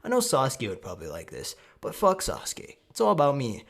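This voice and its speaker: A man's voice: mid-range voice, huge pitch swings, fairly quick, vocal fry, husky, voice pushed up, heavily acted. A man voicing an overpowered, callous young male ninja who talks in a laid-back, crude, dismissive way. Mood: cocky.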